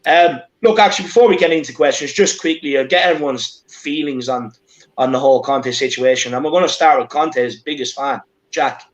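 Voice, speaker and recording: A man with an Irish accent hosting a casual fan live stream, upbeat and shouting out viewers. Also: mid-range voice, fairly quick. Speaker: stream host. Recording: dull lo-fi stream audio.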